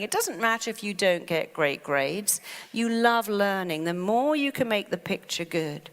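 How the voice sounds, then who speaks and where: Animated woman in a reverberant hall. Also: medium pitch, a little slow. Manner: animated, acts out panicky inner voices. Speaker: therapist giving a talk. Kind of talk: motivational talk to an audience.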